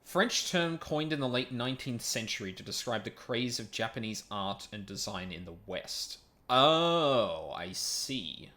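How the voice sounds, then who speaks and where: A man's voice: lowish voice, moderate pace, few pauses, bright, forceful tone. A man streaming a video game, reading its text aloud and stumbling over unfamiliar words, with casual sweary asides.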